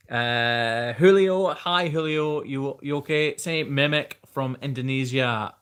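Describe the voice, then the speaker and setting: A man's voice: mid-range voice, takes it slowly, fairly bright tone, clean tone. Chatty man with a mild Scottish accent. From Scotland. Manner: chatty, reading viewer questions aloud and answering off the cuff. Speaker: host. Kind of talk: live Q&A stream.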